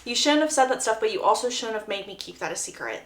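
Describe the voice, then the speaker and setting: A woman's voice: a little high, very animated, fast, reverberant. Woman reading as a blunt teenage girl.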